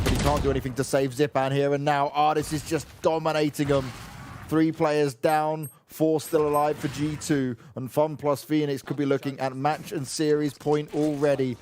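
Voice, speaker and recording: A man calling esports play-by-play briskly, getting excitable on big plays. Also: a little high, slight background noise. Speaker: esports caster.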